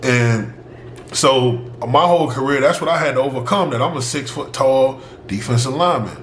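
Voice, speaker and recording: A young man tells a personal story in a casual, animated way, jumping between his own voice and those of the people in it, with frequent laughs. His voice sits in a middle register, with a roomy echo around it and a faint hum of noise behind. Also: medium pitch, normal speed. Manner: animated, acts out both sides of the dialogue, laughs often. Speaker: former football player telling his story.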